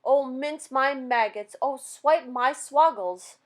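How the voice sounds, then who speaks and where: A woman voicing a big, gentle, excitable male giant who mangles his grammar and makes up words. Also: a little high, moderate pace, close to an everyday voice. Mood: anguished.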